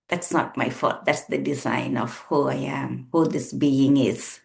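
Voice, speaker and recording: A woman's voice: a bass voice, fairly even intonation, a little slow, gravelly, few pauses. A woman in her sixties, a counsellor, sharing a personal story in an earnest, emphatic way and repeating words for weight. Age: 60s. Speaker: counsellor and therapist. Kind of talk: reflective personal talk to camera.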